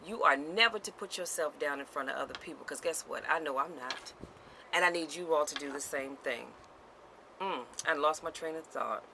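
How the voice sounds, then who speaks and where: Woman vlogger, bright tone, sassy and emphatic, repeats key lines to camera. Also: low-pitched, moderate pace, creaky, slight background noise, poor audio. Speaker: motivational vlogger. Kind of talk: direct-to-camera motivational talk.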